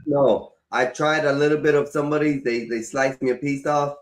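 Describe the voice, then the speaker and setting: A man's voice: medium pitch, fairly even intonation, moderate pace. Dry teasing man hosting a chat. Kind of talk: casual call-in chat.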